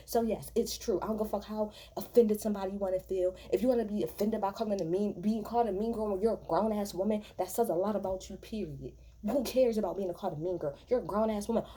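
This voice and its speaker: A woman's voice: medium pitch, dark tone, a little hiss or hum. Heated, profane woman ranting. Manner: profane, heated, sarcastic mimicking. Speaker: reality TV recap vlogger. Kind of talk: angry ranting recap.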